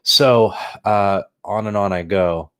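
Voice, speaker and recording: A low-voiced man talks into a desk mic at home, loose and rambling. He swears casually, laughs at himself and drifts off-topic. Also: slow pace, a bit bright, smooth. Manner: rambling, profane, self-deprecating. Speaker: podcast host. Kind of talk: casual stream-of-consciousness talk. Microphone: desk USB mic on boom arm.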